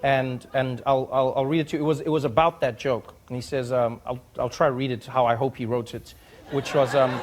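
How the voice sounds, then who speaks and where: A man's voice: mid-range voice, brisk. A man, a talk show host telling comic stories and acting out the voices of people in them. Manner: animated, acts out quoted voices. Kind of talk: comic storytelling.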